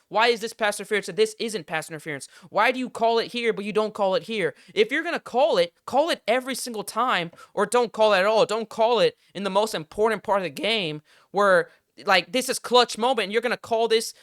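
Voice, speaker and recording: A man's voice: sits high, fairly bright tone, no room sound, clean studio sound. A young man hosting a sports podcast, ranting heatedly and with plenty of swearing. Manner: heated, profane, exasperated ranting. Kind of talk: casual sports rant.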